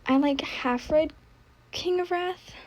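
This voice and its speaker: Young woman, casual rambling chat, a bit high-pitched, trailing off and restarting, faint background noise. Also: slow. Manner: chatty, scattered, often trails off and restarts. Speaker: book vlogger.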